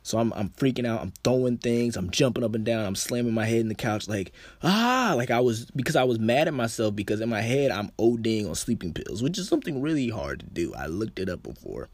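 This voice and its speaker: Low-voiced young man telling a story. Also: lively intonation, fast, hardly any pauses, darkish tone, dry recording. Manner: casual, slangy, loose with many "like" fillers. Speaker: vlogger. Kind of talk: candid personal storytelling.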